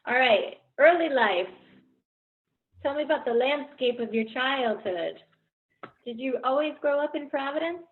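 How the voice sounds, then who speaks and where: Enthusiastic woman teacher, high voice, tinny call audio. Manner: bubbly, enthusiastic. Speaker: acting teacher. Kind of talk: casual video-call interview.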